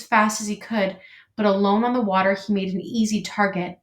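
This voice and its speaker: Woman reading a children's book aloud. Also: medium pitch. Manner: expressive, measured storytelling. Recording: echoey room.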